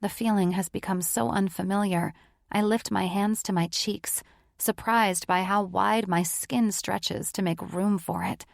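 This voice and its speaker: A woman's voice: medium pitch, steady tone, a little slow, vocal fry, no echo, clean studio sound. A woman narrating a romance audiobook in the first person, with an intimate, emotive reading.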